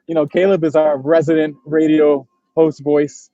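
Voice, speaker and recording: A man co-hosting a podcast from somewhere else, relaxed and laughing, asking long rambling questions. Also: on the high side, moderate pace, no room sound, lo-fi sound. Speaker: podcast co-host. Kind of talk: casual podcast chat.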